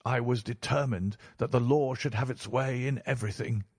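A man narrating a story in a measured, formal way, as an audiobook reader. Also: medium pitch, steady tone, slightly rough, no echo, clean studio sound. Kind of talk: scripted narration.

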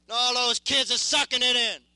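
High-voiced intense young veteran man. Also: steady tone, sharp tone, no echo, rough recording. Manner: intense, repetitive, halting. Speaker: war veteran. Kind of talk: impassioned spoken testimony.

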